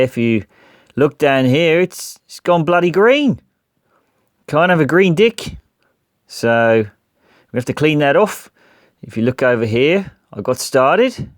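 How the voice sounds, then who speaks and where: A man's voice: medium pitch, no echo. A man doing an over-the-top New Zealand accent, jokey and clowning, dry sound. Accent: put-on New Zealand.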